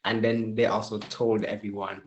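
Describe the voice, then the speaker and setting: A man, casually sharing a personal story at a Bible study in a relaxed, slangy way. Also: fairly low pitch, normal speed, lo-fi sound, slight background noise.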